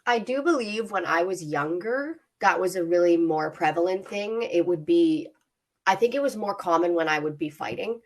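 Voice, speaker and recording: A woman's voice: lowish voice, normal speed. A woman co-hosting a casual podcast, chatty and open, laughing often and using many fillers. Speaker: podcast co-host.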